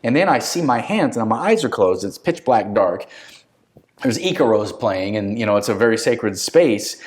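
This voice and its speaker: A male podcast host telling a personal story in a conversational interview, lively and acting out the quoted lines. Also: on the low side, moderate pace. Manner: animated anecdote-teller who acts out quotes.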